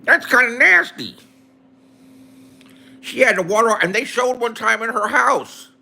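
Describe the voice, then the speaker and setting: A man's voice: extremely high pitch, lively intonation, unhurried, creaky, pushed and bright. A man in a profane, angry rant to his viewers, repeating insults. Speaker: online streamer.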